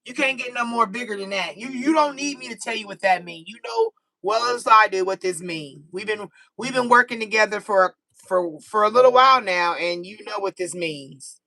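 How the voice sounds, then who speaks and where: Bright, chatty American woman reading cards. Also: medium pitch, normal speed, dry recording, low-quality recording. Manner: animated, chatty, laughs easily. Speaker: tarot reader. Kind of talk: casual live-stream card reading.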